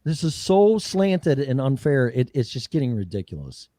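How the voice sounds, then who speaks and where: A man's voice: mid-range voice, big pitch swings, moderate pace, mellow, dry recording, studio quality. A man hosting a political talk show, ranting heatedly with profanity and mocking impressions. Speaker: show host.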